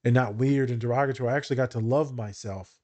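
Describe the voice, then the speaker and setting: A man's voice: medium pitch, quick pace. A man hosting a casual podcast discussion, a social worker telling candid, profane stories. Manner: candid, profane, animated storytelling.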